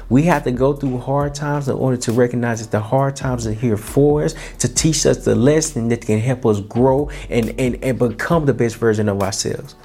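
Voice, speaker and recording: A man's voice: mid-range voice, darkish tone. A young man hosting a podcast, giving an earnest, colloquial motivational talk with frequent restarts and repetitions. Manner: earnest, repeats himself, colloquial. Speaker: podcast host.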